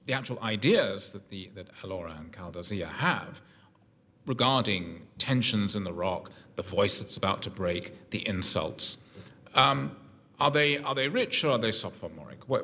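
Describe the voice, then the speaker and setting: Male panel host, bright tone, wordy and articulate with many restarts, long reverb. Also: fairly low pitch, animated, normal speed. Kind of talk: radio arts discussion.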